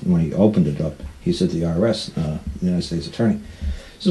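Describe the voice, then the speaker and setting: A radio talk show host with a low, warm voice talks fast, telling rambling anecdotes. He acts out what others said and laughs often in this casual storytelling.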